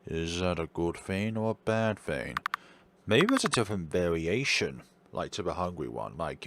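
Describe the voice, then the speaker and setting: A man's voice: low voice, background noise. A man commenting on a horror game and reading its lines aloud in shifting voices. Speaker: gameplay commentator. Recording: game music behind the voice.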